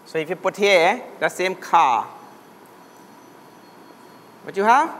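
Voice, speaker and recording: Guy from trinidad teaching a language class, high voice, lots of hall echo. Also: lively intonation, slow pace, long pauses, a bit bright, a little hiss or hum. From Trinidad and Tobago. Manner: drills sounds aloud for students to repeat. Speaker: Sanskrit teacher. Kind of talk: classroom lesson. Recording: long hall reverb.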